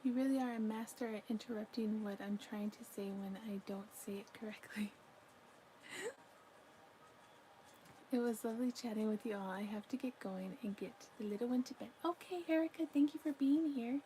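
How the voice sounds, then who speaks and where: A woman's voice: on the high side, a little fast, warm tone, slight background noise, low-quality recording. A woman chatting casually on a crafting live stream, reading out viewer comments and yawning now and then. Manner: chatty, yawning, talks to her pet between comments. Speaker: livestream crochet crafter. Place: home.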